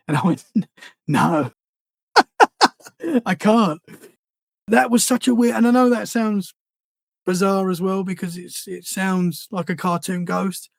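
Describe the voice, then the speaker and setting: A man, speaking high for a man with a gravelly rasp. He tells his story earnestly, often stumbling and repeating words. The sound is close and dry. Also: no room sound. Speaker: podcast guest. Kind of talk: casual storytelling interview.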